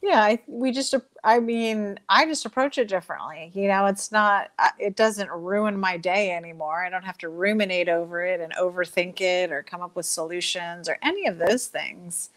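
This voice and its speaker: A woman's voice: on the low side, moderate pace, few pauses, a bit bright. A woman speaking as an interview guest, talking animatedly and acting out inner voices as she explains. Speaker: guest speaker on joy and emotions. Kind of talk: conversational interview.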